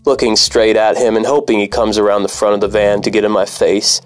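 Brief: low-pitched male storyteller, wry and profane, faint music underneath. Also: level tone, fairly quick. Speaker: former cab driver. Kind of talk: personal story narration.

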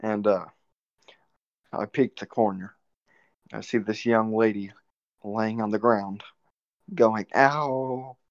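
A man's voice: lowish voice, flat delivery, slow pace, pauses often, a little mellow, no echo. A young man hosting a podcast, telling a rambling, profane story in a laid-back way. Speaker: podcast host. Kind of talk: casual storytelling. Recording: dull, dry lo-fi recording.

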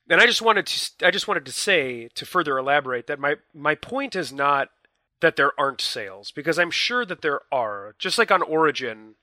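Bright-voiced man, dry recording. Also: medium pitch, dry recording. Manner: explanatory, emphatic, hesitant restarts. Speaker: podcast co-host. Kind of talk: casual chat.

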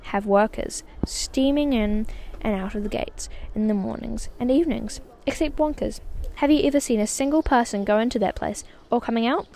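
A woman voicing an old grandfather in a storybook, telling tales in an animated, confiding way. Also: on the high side, moderate pace, few pauses, a little hiss or hum, natural voice. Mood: storytelling. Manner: animated storytelling, sometimes dropping to a hushed whisper.

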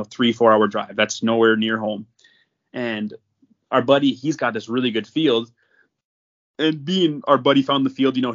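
Brief: young man, casual storyteller, mid-pitched, laughing often, muffled lo-fi audio. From North Dakota. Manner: animated, laughs often while telling. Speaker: podcast guest.

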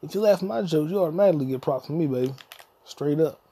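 A fast-talking podcast host, fairly high in pitch with a mellow, breathy edge, recorded with no room sound. Alone on the mic, he rants profanely and jokily, rambling and singing snippets.

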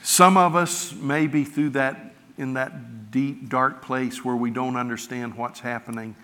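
A middle-aged man preaching from the pulpit with a bright, forceful edge to his voice. He builds to loud emphatic peaks, then pulls back to a soft, intimate hush. The sound carries a long church-hall reverb. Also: medium pitch, fairly even intonation, a little slow. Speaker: pastor. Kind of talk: sermon. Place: large church sanctuary.

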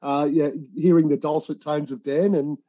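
A man's voice: a little high, fairly even intonation, normal speed, dark tone, no echo. A man with an Australian accent, a podcast guest calling in remotely, friendly and joking in casual banter. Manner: friendly, joking, uses mate. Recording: dull lo-fi remote line.

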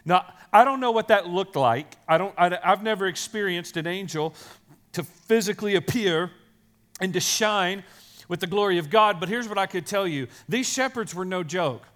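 With a fairly bright tone and high pitch, a man preaches at a moderate pace. His sermon unfolds as chatty storytelling full of "right?" asides, and he turns to the children in the congregation as he goes.

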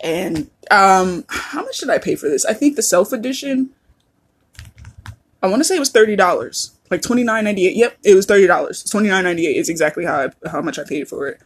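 A woman's voice: medium pitch, fairly quick, slightly rough. A woman hosting a casual solo podcast, chatty and laughing often, swearing freely as she talks. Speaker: podcast host.

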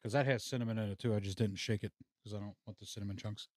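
A man's voice: on the low side, fairly even intonation, rapid-fire, no echo, clean studio sound. A man hosting a casual podcast chat, laid-back and swearing freely. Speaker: podcast host. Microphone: studio mic.

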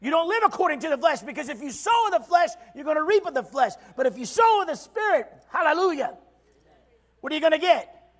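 Very high-voiced shouting male preacher. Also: very animated, fast talker, few pauses. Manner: shouting preaching with call-and-response. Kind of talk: sermon.

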